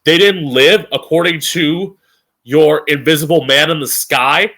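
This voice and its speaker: Young man, live-stream host, angry profane rant, bright tense tone, slightly high pitch. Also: measured pace. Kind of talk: opinionated rant.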